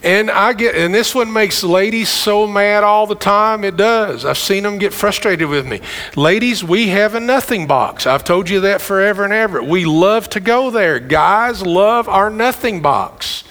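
A middle-aged man preaching a sermon, speaking conversationally with quick asides to the congregation. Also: high voice, expressive, fairly bright tone. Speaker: pastor. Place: church sanctuary. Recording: long hall reverb.

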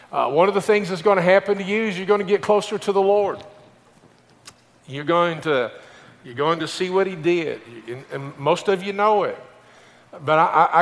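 A man's voice: a little high, a bit bright, long reverb tail. An older man, a pastor, preaching a conversational sermon, often repeating words as he starts a thought.

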